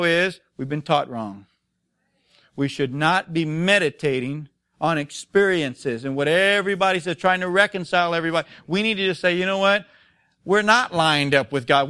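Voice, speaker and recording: A male pastor preaching a sermon in church, emphatic and full of rhetorical questions, swinging between loud and soft. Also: high-pitched, smooth, no echo, clean studio sound.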